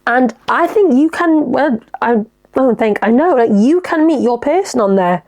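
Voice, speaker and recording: A woman's voice: sits high, animated, normal speed, a little mellow. A woman hosting a podcast, giving advice in a chatty, enthusiastic and sweary manner. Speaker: podcast host. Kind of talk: casual advice chat.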